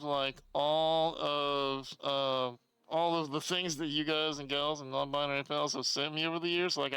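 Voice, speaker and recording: A man's voice: on the high side, pushed and bright, clear, resonant tone, dry recording, low-quality recording. A man chatting casually with his live-stream chat, reading out messages and telling stories with a lot of swearing, from his home streaming room.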